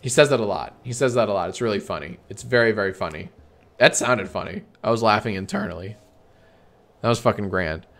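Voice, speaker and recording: A man streaming a comedy bit, bantering with himself in a deadpan, sarcastic way and swearing often. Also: fairly low pitch, fast.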